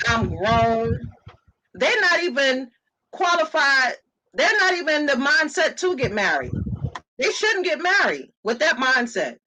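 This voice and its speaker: A co-host in a casual religious discussion whose voice has a bright, forward edge. They speak earnestly and in a measured way, and they read viewer comments aloud. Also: mid-range voice, low-quality recording.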